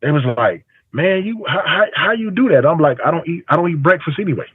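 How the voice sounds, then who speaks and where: A man's voice: a little high, expressive, fast, breathy edge, no echo. Man testifying over a phone line. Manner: storytelling with quoted dialogue, emphatic. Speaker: barber. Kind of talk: call-in testimony. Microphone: phone call. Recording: tinny phone line, dry.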